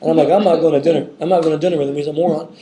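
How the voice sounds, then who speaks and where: High-voiced man telling a story live. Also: very fast. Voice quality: animated, laughing storyteller. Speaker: podcast host. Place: convention room with audience. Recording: echoey room with crowd.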